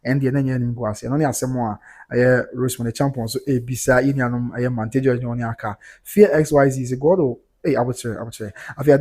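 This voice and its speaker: A man's voice: medium pitch, mellow, husky. Ghanaian man reading comments on a livestream. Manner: reads viewer comments aloud and reacts, mixing Twi and English.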